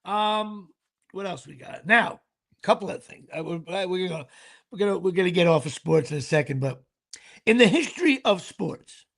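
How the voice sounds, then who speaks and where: A man's voice: sits high, lively intonation, moderate pace, vocal fry, a bit bright. A middle-aged man, hosting a show in casual, comedic, profane chat with stammering repeats. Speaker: podcast host.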